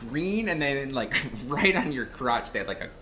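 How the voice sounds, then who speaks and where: A man's voice: mid-range voice, normal speed, very noisy. A man with a mid-range voice that rises and falls with lots of life. He talks casually and laughs often. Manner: laughing, animated. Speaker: podcast co-host. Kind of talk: casual chat.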